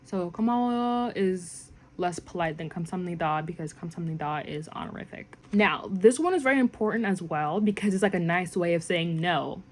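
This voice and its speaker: A young woman casually teaching common phrases, chatty and rambling with lots of fillers, jumping up brightly when she quotes a phrase. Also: fairly low pitch, very fast, few pauses. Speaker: language learning vlogger. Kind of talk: casual language lesson.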